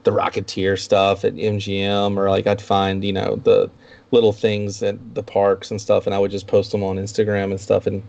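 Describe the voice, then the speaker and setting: A man's voice: fairly low pitch, monotone, normal speed, creaky, a little mellow. A man guesting on a live stream, telling stories in a loose, chatty way and laughing often. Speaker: guest YouTuber. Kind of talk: casual live-stream chat. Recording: dull lo-fi stream audio.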